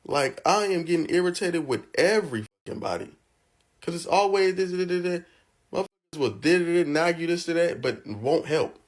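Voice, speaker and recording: A fed-up man venting hard, profanity flying and "bro" at the end of his lines. His voice sits a little high for a man. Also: expressive, fairly quick. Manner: heated, profane, repeats "bro". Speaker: unemployed job seeker venting in a clip. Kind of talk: angry venting rant.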